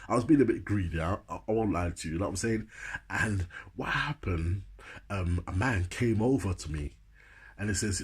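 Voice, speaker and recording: A man with a Jamaican accent tells a comic story from his life, laughing often between lines. His voice sits low and is very husky. He keeps turning to the listener to check that they are following. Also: lively intonation, normal speed. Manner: chatty, laughs often, keeps asking "you know what I'm saying".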